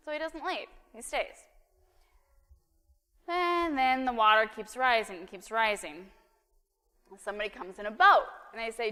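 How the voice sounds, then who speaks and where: A woman's voice: a little high, animated, moderate pace, pushed and bright, smooth, in a large hall. A woman preacher giving a sermon in a church, talking in a casual, joking, conversational way. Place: church sanctuary.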